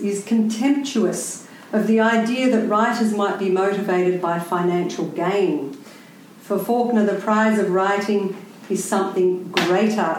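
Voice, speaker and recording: A woman's voice: mid-range voice, a little mellow, slight background noise. Woman writer at a lecture, wry and pointed, heavy room echo. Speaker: writer giving a talk. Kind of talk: prepared public talk. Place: room with a live audience. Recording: very echoey room.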